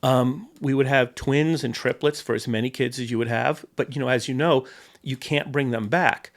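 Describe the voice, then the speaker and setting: A man who works as a film property master, telling animated behind-the-scenes stories as a podcast guest, often restarting and repeating words. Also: mid-range voice, normal speed. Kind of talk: anecdotal podcast storytelling.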